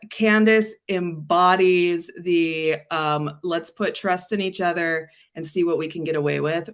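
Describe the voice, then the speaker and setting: A woman with a slightly low voice talks as a guest on an interview show. She rambles with eager enthusiasm, full of likes and ums. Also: a bit bright. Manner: enthusiastic, rambling, filler-heavy. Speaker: agency guest. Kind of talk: casual interview chat.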